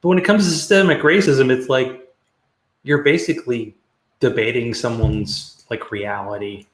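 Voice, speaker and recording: A man's voice: mid-range voice, moderate pace. Man chatting in an echoey room. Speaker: podcast host. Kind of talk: casual podcast chat.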